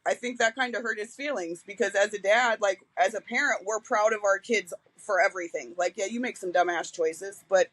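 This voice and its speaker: A woman's voice: medium pitch, fairly quick, few pauses, fairly bright tone, dry recording, low-quality recording. A woman in her forties, a guest on a podcast, telling her own story candidly and frankly, with casual swearing. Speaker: guest, reentry liaison.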